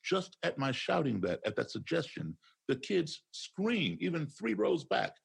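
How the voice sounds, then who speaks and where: A man's voice: on the high side, wildly swooping pitch, measured pace, gravelly, husky. A man speaking as a podcast guest, emphatic and lecturing, repeating his key phrases as he makes a point. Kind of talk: conversational interview.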